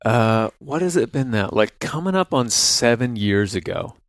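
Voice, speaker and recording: A man co-hosts a podcast, trading wry, teasing banter in casual chat. His mid-range voice is animated and moderately paced, with clean studio sound and no room sound.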